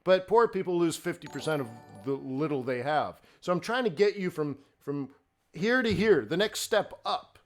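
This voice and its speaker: A man's voice: a little high, animated, normal speed, soft background music. A middle-aged man hosting a live forex trading stream, talking in a blunt, fired-up, ranting way.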